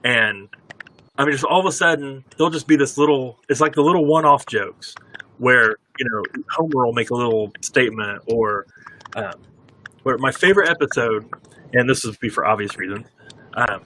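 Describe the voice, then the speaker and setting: A man's voice: mid-range voice, moderate pace, a little hiss or hum, rough recording. A man in his forties hosting a live show, chatting casually and telling stories with easy chuckles. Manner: relaxed, storytelling, chuckles often. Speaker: show host.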